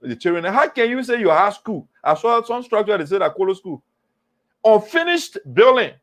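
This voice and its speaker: A man hosting a political talk show, animated and mocking, repeating phrases for emphasis. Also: high-pitched, normal speed. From Liberia. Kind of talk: political commentary monologue.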